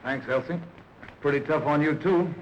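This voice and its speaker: An actor playing a glum, resigned theater producer who has run out of luck, in 1930s film dialogue. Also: male voice, on the high side, moderate pace, a little hiss or hum, natural voice. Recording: dull old film soundtrack.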